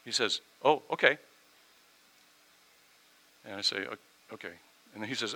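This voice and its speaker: Bright-voiced man preaching a story. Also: moderate pace, gravelly, long pauses, rough recording. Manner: swings from quiet asides to loud, pitched-up emphasis. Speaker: pastor. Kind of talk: sermon with personal story.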